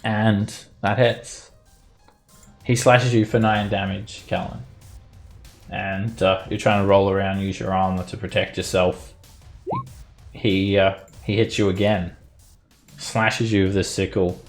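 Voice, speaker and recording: A man with a low, gravelly voice runs a tabletop game as game master. He narrates in a relaxed, unhurried way, dotted with fillers, over soft music.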